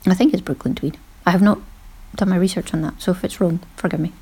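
A woman's voice: fairly low pitch, steady tone, quick pace, warm tone, husky. Woman, middle-aged, podcast host, casual monologue, self-deprecating, laughs often.

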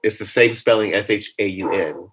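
A man being interviewed in a casual conversation, talking in a playful, animated way that jumps into high comic voices. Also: moderate pace, background noise. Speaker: interview guest.

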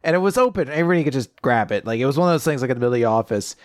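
A man co-hosting a casual chat, telling anecdotes in a giggly, animated way. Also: medium pitch, racing. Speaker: podcast co-host.

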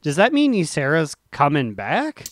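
A man's voice: fairly high pitch, wildly swooping pitch, moderate pace, no echo, clean studio sound. A man co-hosting a casual gaming podcast, playful and teasing, who stretches out his announcements. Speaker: podcast co-host.

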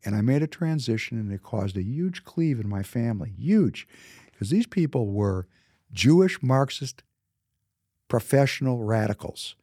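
A husky, dark-toned man in his fifties, from Minnesota, talks through his own memories in a loose, casual monologue. He leans hard on his points and repeats key words to drive them home. The recording is dry and close, with no room sound. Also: mid-range voice, animated, measured pace, no room sound. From Minnesota, United States. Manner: emphatic, repeats words for emphasis. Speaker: businessman.

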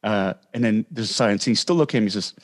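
A man's voice: on the low side, rapid-fire. A Canadian man, a guest actor, telling a story in casual chat and acting out the lines people said. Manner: animated anecdote-telling with acted-out quotes.

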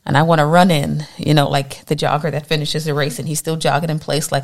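A woman leading a morning Bible study, teaching with animated energy and acting out voices in her quotes. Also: low voice, a little fast, gravelly.

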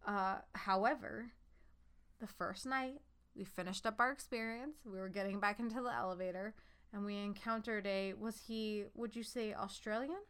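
A woman in her thirties telling a story in casual chat, animated and swearing freely. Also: mid-range voice, moderate pace, clear, resonant tone. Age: 30s.

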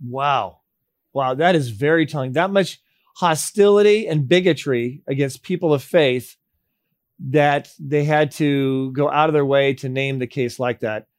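Deliberate male host, dry close sound. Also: mid-range voice, dry recording. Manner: deliberate, hesitant with fillers and repeats. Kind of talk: interview questions and commentary.

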